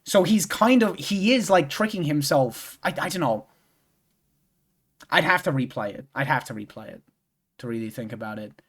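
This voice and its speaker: A young man talking casually over a game stream, his voice sitting a little higher than most men's. He rambles and loops back on himself, filling gaps with lots of "like" and "um". He swears offhandedly as he goes. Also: animated, moderate pace, fairly bright tone, slightly rough. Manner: rambling, full of "like" and restarts, swears freely. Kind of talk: casual chat while playing a game.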